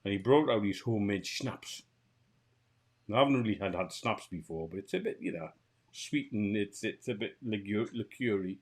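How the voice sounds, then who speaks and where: A man with a Geordie accent, co-hosting a podcast and telling a funny anecdote in a lively, laughing way. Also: on the low side, moderate pace, slightly rough. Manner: animated anecdote teller, laughs through the story. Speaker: podcast co-host. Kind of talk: casual chat, storytelling.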